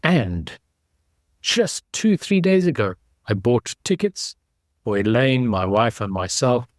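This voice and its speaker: A man in his sixties speaks with a South African accent that carries a touch of English. His voice sits at a middling pitch, and he tells his story in a measured, unhurried way. The sound is dry and close. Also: expressive, no echo. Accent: South African with some English. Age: 60s. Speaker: guest. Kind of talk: casual interview. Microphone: video call.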